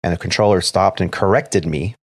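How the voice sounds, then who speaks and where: Man, very low voice, dry sound, airline first officer, casual podcast storytelling, acts out quoted radio calls. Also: brisk, no echo. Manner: recounts events step by step, acting out quoted radio calls.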